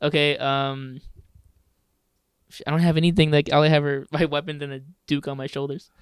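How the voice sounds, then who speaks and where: A man's voice: fairly high pitch, level tone, moderate pace, clean tone, no room sound, clean studio sound. A man playing a tabletop game, giggling through his turns. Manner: giggly, laughs through lines. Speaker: player. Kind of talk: casual tabletop game play.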